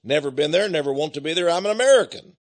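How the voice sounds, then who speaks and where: A man's voice: a little high, expressive, fast talker. A man from Texas delivering a preachy monologue as an author promoting his book, chuckling often and repeating words as he goes.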